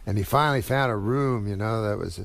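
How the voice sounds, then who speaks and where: A man's voice: on the low side, a little fast, gravelly. A man being interviewed, politely recalling a funny story about a friend. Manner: polite, answers with yes sir. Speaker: interview guest. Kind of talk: casual interview.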